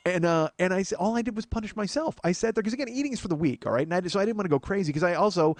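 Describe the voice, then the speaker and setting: A man's voice: high voice, animated, rapid-fire, dry recording. A man hosting a podcast, delivering a comedic monologue in a profane, ranting, self-mocking way and calling his listeners folks.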